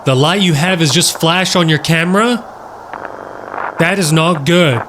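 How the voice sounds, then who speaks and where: A man giving excitable, joking commentary while playing a horror game, talking straight to his viewers. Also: a little high, a little slow, background noise. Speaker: gaming YouTuber. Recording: loud game music underneath. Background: loud game music.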